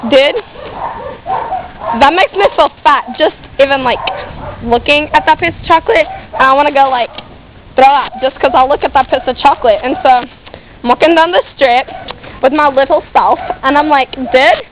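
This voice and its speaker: A woman's voice: high-pitched, normal speed, a little hiss or hum, rough recording. A woman performing a comic monologue in a sassy valley-girl manner, filling her talk with "like.".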